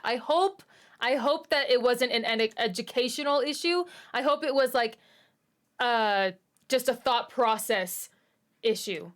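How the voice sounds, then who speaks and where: A woman with a high, bright-sounding voice talks slowly and casually as she reacts to clips. Her commentary is chatty and amused, full of small asides. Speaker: reaction video host. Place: at home in Utah.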